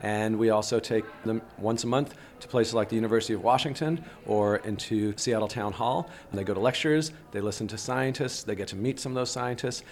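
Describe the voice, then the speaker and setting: A man, a high school teacher, explaining his approach in a steady way during an interview. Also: fairly quick, few pauses. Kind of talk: interview answers.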